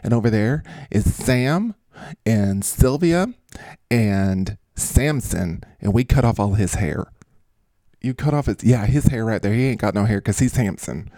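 A man's voice: fairly low pitch, expressive, a little slow, dark tone, no room sound. Give me a man putting on an eager folksy farmer with a drawl, talking up his lambs in a dry close mic. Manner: drawling and pushy, keeps showing off. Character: folksy eager male lamb farmer, proud and chatty. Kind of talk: comedy podcast character bit.

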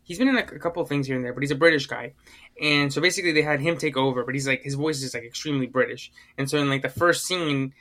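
A male podcast co-host talks through a casual chat at his own loose pace. His voice sounds bright and forward. He rambles, circling back with fillers and restarted sentences. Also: mid-range voice, fast talker.

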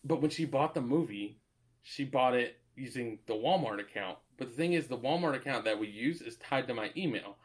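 A man's voice: mid-range voice, lively intonation, brisk. A man telling stories in casual chat, rambling and swearing freely, laughing often.

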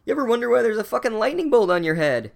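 A man voicing a gruff, blunt giant groundskeeper in a loud exaggerated voice. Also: very high voice, sing-song, very fast, voice pushed up, full character voice. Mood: incredulous.

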